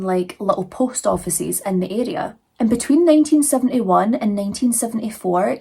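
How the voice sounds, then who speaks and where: Young woman chatting thru a true crime case, kinda husky, lots of "like" and "you know". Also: mid-range voice, warm tone. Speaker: true crime channel host. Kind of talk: casual true crime storytelling.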